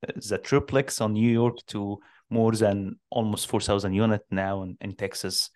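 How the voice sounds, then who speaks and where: A man with a fairly low voice hosts a podcast interview, asking his questions. He speaks haltingly, often pausing as he searches for the right words. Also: steady tone. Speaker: podcast host.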